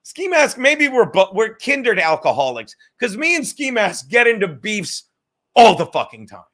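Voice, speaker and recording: Man, high bright voice, drunk live-stream host, profane, ranting, sarcastic. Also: very animated, measured pace. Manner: profane, ranting, sarcastic, addresses chatters by name. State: says he is drunk. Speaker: podcast host reading live chat.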